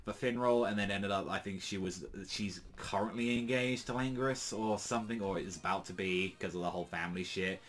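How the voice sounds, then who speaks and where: A man's voice: fairly low pitch, brisk, hardly any pauses, a bit bright. A man casually recapping a manga chapter, rambling with many fillers and some crude asides. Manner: rambling, heavy use of fillers, profane asides. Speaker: manga reviewer.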